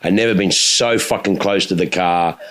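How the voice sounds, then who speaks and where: A man's voice: sits low, normal speed. A middle-aged man, telling a long story on a podcast, swearing freely and acting out sounds. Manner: swears freely, animated storyteller who mimics engine sounds. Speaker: podcast co-host.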